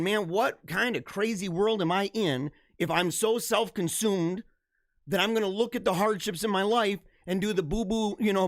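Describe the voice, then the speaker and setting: A man's voice: high-pitched, a bit bright, no room sound, clean studio sound. A man in his thirties hosting a live stream, reading viewer comments in fervent, slangy casual talk with lots of emphatic repetition.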